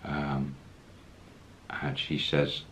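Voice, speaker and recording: A man's voice: extremely low pitch, monotone, very slow, fairly bright tone, a little hiss or hum. A man casually telling a travel story, acting out the quoted lines as he goes. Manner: anecdotal, acts out quoted lines, chuckles.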